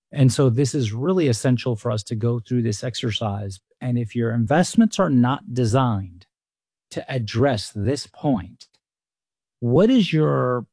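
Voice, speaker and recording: A man in his fifties who grew up in England talks as a financial advisor on a radio show, earnest and explanatory. He has a mid-pitched voice. The sound is dry and close to the mic. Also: dark tone, dry recording. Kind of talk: radio talk show guest expert.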